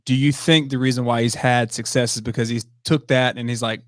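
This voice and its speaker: A man hosting a casual interview, speaking in a relaxed, conversational way as a football coach. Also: mid-range voice, fairly quick, no echo, clean studio sound.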